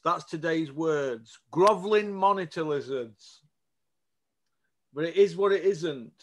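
This man's voice is on the high side and a little slow. As a boxing vlogger giving a casual opinion rant to camera, he's blunt and animated and keeps pressing for agreement.

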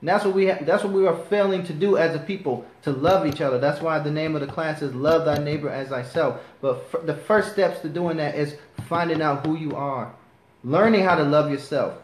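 Male preacher, slightly high voice, impassioned sermon delivery, echoey room. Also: brisk, a little hiss or hum. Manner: impassioned, rising to righteous anger. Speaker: preacher teaching a class. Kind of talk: sermon with scripture reading.

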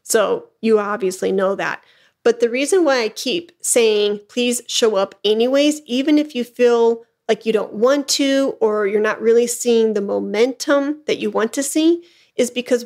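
A little high, a little slow, and darkish in tone, this woman's voice carries her motivational solo podcast. She hosts it as a flute business coach, urging listeners on emphatically and encouragingly with frequent "okay?" check-ins.

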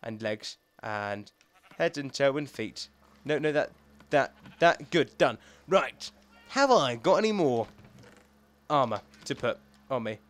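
A young man talking to himself as he plays a video game, rambling and excitable, thinking aloud as he goes. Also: medium pitch, slow, pauses often. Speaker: gaming YouTuber. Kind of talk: let's play commentary.

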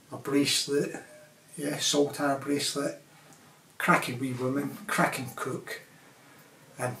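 This vlogger's voice is on the high side, gravelly, and fairly bright, with slight background noise. He rambles casually and chattily, chuckling often and repeatedly adding tag questions, and sounds roomy and distant from the mic.

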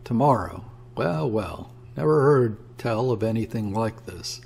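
A man voicing a boisterous, scornful young sailor who talks bluntly and roughly. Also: fairly low pitch, animated, unhurried, a little mellow, exaggerated voice. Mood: blustering. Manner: blunt, offhand and rough-spoken.

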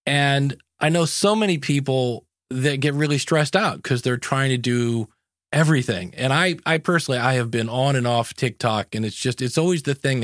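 A man's voice: medium pitch, no echo, studio quality. A man hosting a podcast in casual interview chat, chatty and joking as he sets up his questions. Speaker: podcast host.

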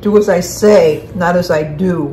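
A woman's voice: lowish voice, unhurried, dark tone, slight background noise, low-quality recording. A woman hosting a casual home cooking video, chatty and correcting herself mid-sentence as she explains each step in her kitchen. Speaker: cooking channel host.

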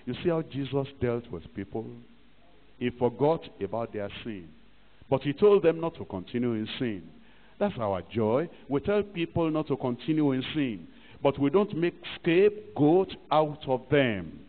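In a tinny archive recording from an echoing hall, a pastor preaches at a measured pace, his medium-pitched voice swinging widely in pitch. He's emphatic, acting out small moments from church life as he goes.

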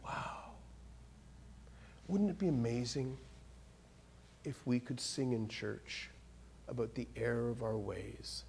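A man giving a sermon in a church as a guest speaker, animated, with sudden rises in pitch and loudness, often repeating and restarting words. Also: slow, gravelly, long pauses, a little hiss or hum.

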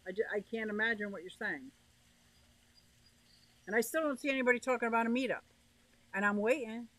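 A woman's voice: fairly high pitch, lively intonation, a little fast, pauses often, fairly bright tone, no echo, rough recording. A woman hosting a casual livestream, chatting and greeting viewers by name as she reads their comments. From northeastern United States. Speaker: livestream host reading chat.

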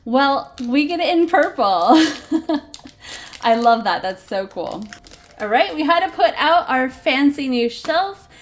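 A woman's voice: high-pitched, very animated, takes it slowly. A woman hosting a casual toy unboxing, gushing and giggling over each cute figure.

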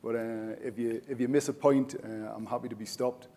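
Mellow-voiced man giving a conference talk. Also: mid-range voice, steady tone, fairly quick, vocal fry. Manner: chatty, frequent "uh" fillers, informal. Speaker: general manager presenting. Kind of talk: conference presentation.

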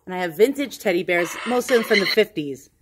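A woman casually talking through a ghost hunting session at home, asking slow questions aloud with pauses in between. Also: medium pitch, animated, very noisy. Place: indoors at home with a dog nearby.

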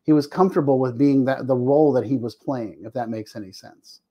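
A man's voice: mid-range voice, brisk. A middle-aged man, a family addiction therapist, telling candid personal stories in a podcast interview and acting out the people he quotes. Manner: animated, acts out quoted dialogue, frequent restarts.

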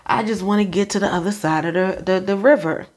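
A woman voicing a sly snake in a spoken fable, pleading in a hushed, hurried way. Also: mid-range voice, close to an everyday voice. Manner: pleading, then smug.

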